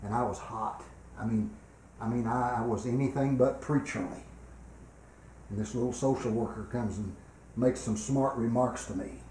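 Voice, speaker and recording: An older man preaching a revival sermon in a church, swinging between loud, emphatic exhortation and quiet personal storytelling. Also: mid-range voice, moderate pace, slight background noise. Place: church sanctuary. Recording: echoey church room.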